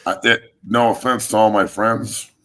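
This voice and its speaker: A man hosting a casual sports talk show, hoarse and blunt, swearing and joking. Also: on the low side, fairly even intonation, normal speed, fairly bright tone.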